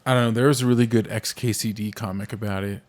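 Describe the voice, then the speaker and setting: A man's voice: on the low side, steady tone, fast talker, a little mellow. A young man from the United States co-hosting a casual podcast, talking politics and movies with lots of fillers and restarts. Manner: rambling, frequent fillers and restarts. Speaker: podcast co-host.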